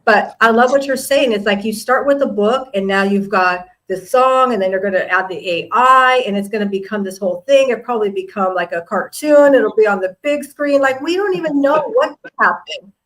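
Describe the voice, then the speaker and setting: A woman's voice: fairly high pitch, brisk, hardly any pauses, a bit bright, rough recording. A middle-aged woman hosting a live interview show, speaking in an effusive, chatty way and full of praise for her guests. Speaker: host.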